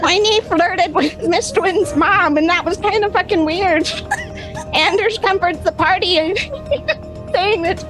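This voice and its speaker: A woman playing a brisk old-timey news announcer, reading a game recap in a mock-formal newsreader style with dry asides. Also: extremely high pitch, big pitch swings, music in the background, exaggerated voice. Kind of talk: comic recap in character.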